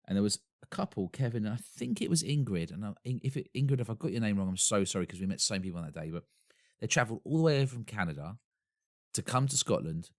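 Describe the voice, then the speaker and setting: A man from Essex with a fairly low, fast voice and lively intonation co-hosts a casual podcast chat. He's an enthusiastic storyteller who laughs often, heard in studio quality without room sound.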